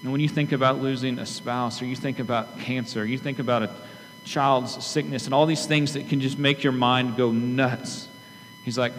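A pastor preaching a sermon to his church in an earnest, conversational way, often turning to the congregation with quick asides. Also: mid-range voice, fairly even intonation, faint music behind. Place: church sanctuary. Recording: long hall reverb with faint hum.

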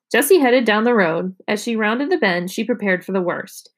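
A woman reading a children's chapter book aloud to students, narrating and lifting her voice for the kids' dialogue. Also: brisk. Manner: expressive, raises pitch for children's dialogue. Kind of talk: storybook read-aloud.

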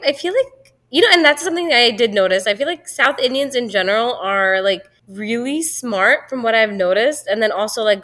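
A woman chatting casually on a video call, relaxed and hedging her opinions. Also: medium pitch. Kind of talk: casual chat.

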